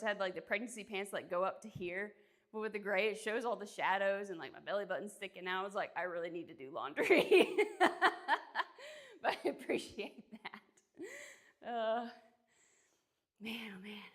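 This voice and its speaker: A young woman talks through her workout on a live stream, a little out of breath and puffing between sets. Her voice sits in an ordinary middle pitch, and she chats easily and greets viewers by name. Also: fairly bright tone. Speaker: fitness streamer.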